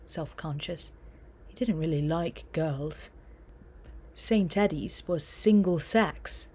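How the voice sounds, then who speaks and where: A woman narrating an audiobook in a steady storytelling manner. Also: sits low, slightly rough.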